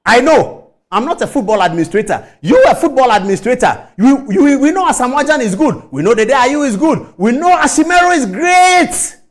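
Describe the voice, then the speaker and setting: Man, high pitch, lively swinging delivery, indignant, rhetorical commentary. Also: a little fast. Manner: indignant, rhetorical, mimics others in quotes. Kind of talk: impassioned commentary.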